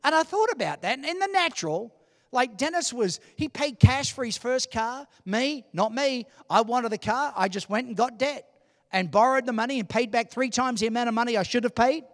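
A man preaching to a congregation, with a notably high voice. He tells a story, dropping to a hush and then building to loud, emphatic peaks. His voice carries a long reverb from a large hall. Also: expressive, normal speed. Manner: emphatic storytelling, swinging from hushed to shouting. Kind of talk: sermon.

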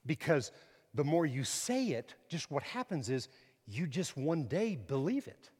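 A middle-aged man preaching a sermon, emphatic, swinging from quiet to loud and repeating words. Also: a little high, very animated, a little slow, husky, big-room sound.

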